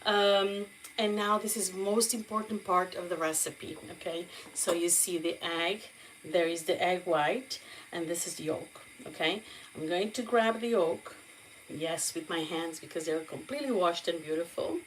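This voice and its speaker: A woman's voice: lowish voice, a little slow, a little hiss or hum, rough recording. Chatty Portuguese-accented woman cooking. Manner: chatty, warm asides to viewers, frequent "okay?" check-ins. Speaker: cooking vlogger. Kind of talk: casual cooking demonstration. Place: home kitchen.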